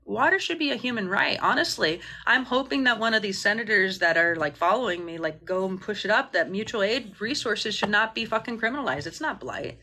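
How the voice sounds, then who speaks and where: Bright, fiery woman organizer ranting. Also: mid-range voice, lively intonation, a little fast, few pauses. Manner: passionate, indignant, swears freely; rambling with restarts and trailing off. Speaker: mutual aid organizer. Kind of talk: livestream Q&A rant. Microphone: phone livestream.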